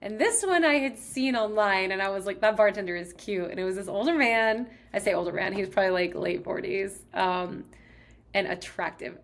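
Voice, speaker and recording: A young woman from Texas talks through a personal story in an easygoing, conversational way. She leans on "like" between phrases and keeps a middle pitch for a woman. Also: fairly quick. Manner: chatty, heavy use of "like". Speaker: podcast host. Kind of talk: casual storytelling.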